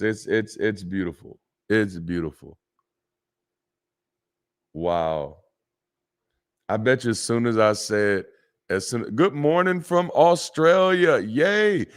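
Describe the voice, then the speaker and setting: A man, a former pastor, hosting a casual livestream in a loose, chatty way, with slang and many restarts as he reads the chat. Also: on the low side. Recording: solo livestream at home.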